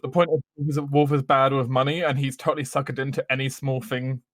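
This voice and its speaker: A man playing in a live tabletop game, talking haltingly as he searches for words. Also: mid-range voice, flat delivery, dry recording, clean studio sound. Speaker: player.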